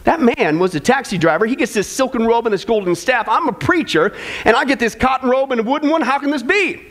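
Preacher doing an indignant, pompous veteran pastor in a joke, protesting. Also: male voice, very high-pitched, animated, fast, a bit bright. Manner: protesting, self-important. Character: indignant veteran male pastor, self-important.

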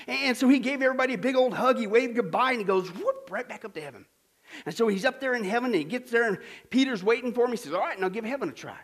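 A man's voice: very high voice, fast. A male pastor preaching a sermon, telling a joke with laughs and quizzing the congregation with questions. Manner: lively, laughing storyteller, asks the crowd questions.

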